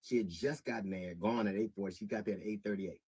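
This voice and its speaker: Middle-aged man, husky voice, dry close sound; measured with halting restarts, rising to indignation. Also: on the low side, dark tone, no echo, rough recording. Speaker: comedian. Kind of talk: public statement.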